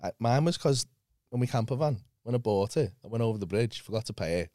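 A young man, a comedian telling animated, sweary stories in casual podcast chat. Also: mid-range voice, fast talker, no room sound, studio quality.

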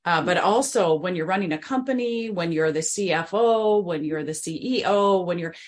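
Woman, podcast host, casual conversation, responsive, thinking aloud, lower voice. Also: moderate pace.

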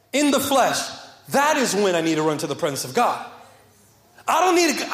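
A young man, a pastor, preaching a passionate sermon to a congregation, repeating phrases and moving between fervent rises and soft, quiet passages. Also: extremely high pitch, echoey room. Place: church sanctuary with congregation.

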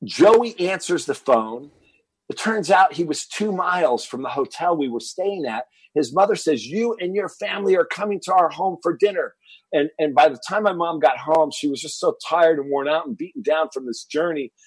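A man's voice: a little high, normal speed, breathy edge, no room sound, poor audio. A man telling a personal story as a podcast guest, acting out what his family said. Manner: animated, acts out quoted family dialogue.

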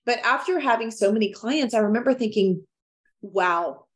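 A woman speaking as a guest on a business podcast, talking in an emphatic, expressive way with frequent restarts and laughs. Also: a little high, fairly quick. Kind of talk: casual interview chat.

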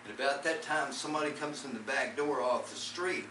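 A man's voice: medium pitch, fairly quick. Earnest man telling a faith story from afar. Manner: earnest, rambling, repeats words, storytelling. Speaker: lay preacher. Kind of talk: testimony-style faith talk. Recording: echoey distant recording with background noise.

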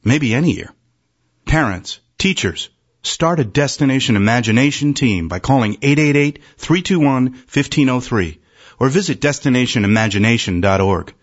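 Husky man narrating a radio spot. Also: medium pitch, animated, normal speed. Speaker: voice-over announcer. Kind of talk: scripted ad narration. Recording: dull lo-fi radio audio.

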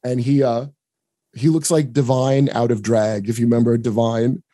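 A man's voice: mid-range voice, level tone, normal speed, dark tone, no echo. A man from the United States chatting casually on a podcast, swearing often, rambling with restarts and jokes. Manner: profane, rambling, joking, frequent restarts.

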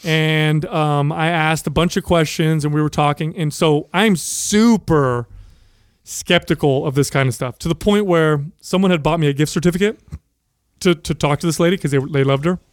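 A man co-hosting a casual podcast chat, telling a story with lively energy and frequent swearing. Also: fairly high pitch, normal speed, clean tone, no room sound, clean studio sound. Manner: animated storyteller, swears freely. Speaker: podcast co-host.

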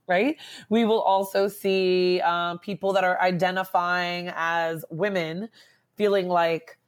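Animated woman psychologist, podcast guest. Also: fairly low pitch. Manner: animated, acts out client quotes; frequent "like" and "right?" fillers. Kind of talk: conversational podcast interview.

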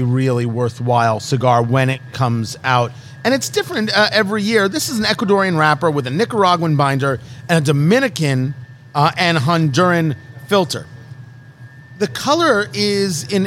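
A man's voice: fairly high pitch, a bit bright, a little hiss or hum. A man from Brooklyn and New Jersey hosting a casual cigar review chat. He talks in a brash, joking, showman-like way and teases his co-host. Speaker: podcast host.

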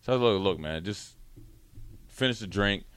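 A man hosting a radio talk show, telling a story in a casual, animated way and acting out his friends' lines. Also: on the low side, moderate pace, clean tone, dry recording.

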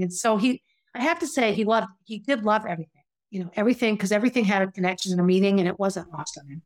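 A woman's voice: mid-range voice, fast. A woman telling her own story in a candid, conversational way, reflective and confessional, often restarting her sentences. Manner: conversational, with frequent restarts and asides.

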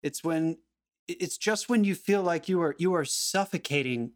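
A man co-hosting a podcast, talking about a film in an animated, emphatic way and swearing freely. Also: a little high, normal speed. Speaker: podcast co-host. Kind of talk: casual film discussion.

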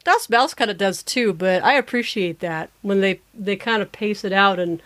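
A woman co-hosting a casual chat, relaxed and easygoing, often trailing off softly. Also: mid-range voice, normal speed. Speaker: podcast co-host.

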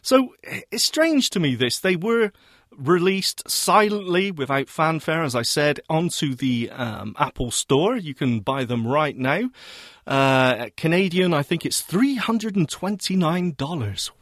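A man's voice: on the high side, animated, measured pace, fairly bright tone, dry recording. Joking male radio co-host, dry studio. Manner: jokey, teasing banter with frequent laughs. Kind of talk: casual tech radio chat.

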